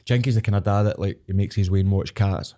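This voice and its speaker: Scottish man co-hosting, rapid blunt sweary chat, mellow low-toned voice. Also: fairly even intonation. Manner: quick, blunt and sweary, often says "mate". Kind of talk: casual chat.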